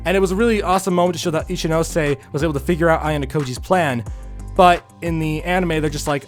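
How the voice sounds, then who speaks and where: A man's voice: on the high side, quick pace, soft background music. Exasperated young-sounding male anime reviewer. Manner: earnest, repeats himself, sighs, rising to exasperated bursts. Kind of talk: casual spoken review.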